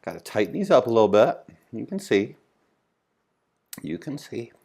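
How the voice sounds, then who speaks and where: A man's voice: medium pitch, very animated, normal speed, darkish tone, slightly rough. Chatty man talking through a live edit. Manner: chatty, talks to himself as he works. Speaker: video creator and host. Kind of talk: live-stream commentary while editing. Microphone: headphones on, mouth close to the mic.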